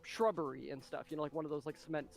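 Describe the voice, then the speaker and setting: A man narrating as game master of a tabletop game, excitable and full of fillers and spoken sound effects. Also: fairly high pitch, rapid-fire, gravelly, faint music behind.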